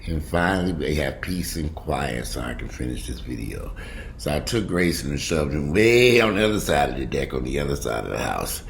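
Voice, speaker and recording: A low-voiced man talks through local news in a chatty, wandering way, cursing as he goes. His voice swings widely in pitch. The home recording is noisy, with dogs barking and whimpering in the background. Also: sing-song, moderate pace, creaky. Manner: chatty, digressive, swears freely. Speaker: news commentary vlogger. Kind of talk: casual news commentary vlog.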